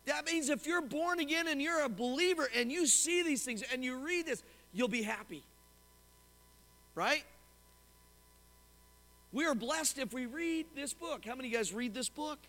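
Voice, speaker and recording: A man preaching a sermon as pastor to his congregation, animated and often asking them questions. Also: very high voice, normal speed, long pauses. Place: church sanctuary. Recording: long hall reverb.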